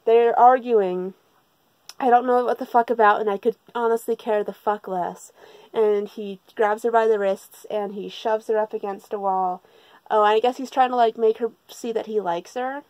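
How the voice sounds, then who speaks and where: A woman's voice: a little high, steady tone, moderate pace, darkish tone, dry recording, poor audio. A woman recapping a manga in a casual, rambling way, sarcastic and full of swearing. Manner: sarcastic and profane, rambling with restarts. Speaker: manga reviewer.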